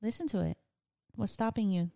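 A woman co-hosting a podcast in easygoing conversation. She talks in a chatty way, laughs easily, and retells what others said. Her voice sits at an ordinary middle pitch for a woman. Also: fairly quick, vocal fry, dark tone. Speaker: podcast co-host. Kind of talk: casual chat.

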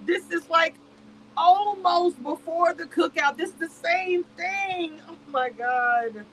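A woman's voice: very high-pitched, slow pace, slight background noise, low-quality recording. A woman reviewing a reality show on a live stream, speaking in a heated, emphatic way and repeating herself. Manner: emphatic and repetitive, heated and exasperated. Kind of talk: casual live-stream commentary rant.

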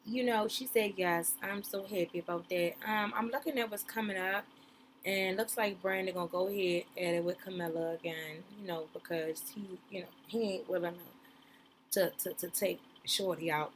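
A woman's voice: on the low side, fairly even intonation, normal speed, a little hiss or hum. A woman giving casual, playful reaction commentary on a reality show, talking straight to her viewers in a slangy, chatty way. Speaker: reaction streamer.

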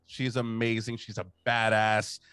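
A man co-hosting a casual movie podcast, emphatic and quick to laugh. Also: fairly low pitch, clean tone, no room sound. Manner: animated, emphatic, laughs often. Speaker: podcast co-host.

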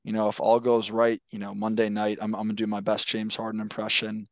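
A young man chatting about his team on a podcast, stammering a little and swearing now and then. His voice sits a touch low and stays flat, with hardly any rise and fall. The sound is dry and close, with no room around it. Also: a little fast, no echo. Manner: stammers and repeats words; laid-back, swears casually. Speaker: podcast host. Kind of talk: casual sports chat.

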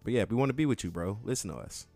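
Low-voiced joking young man on a podcast. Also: animated, racing, faint music behind. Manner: loud, joking, profane banter. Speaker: podcast co-host. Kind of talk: casual podcast chat.

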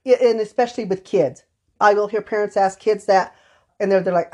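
A woman's voice: medium pitch, steady tone, a little fast, a little mellow. A woman therapist co-hosting a podcast conversation, telling stories from her sessions and acting out the quoted dialogue. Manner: storytelling, acts out quoted dialogue. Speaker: therapist co-host.

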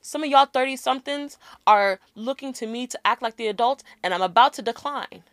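A woman's voice: a little high, a little fast, fairly bright tone, no echo, clean studio sound. Sassy, candid young woman. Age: 20s. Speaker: podcast co-host. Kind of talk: casual chat.

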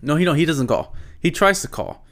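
A man's voice: on the high side, expressive, fairly quick, a bit bright. Rambling man telling a story casually. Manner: rambling, loose, full of "like" and restarts.

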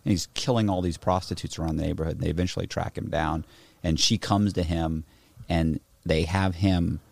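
Gravelly deep-voiced man in loose chat. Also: fairly even intonation, fairly quick. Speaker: podcast co-host. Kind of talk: casual chat.

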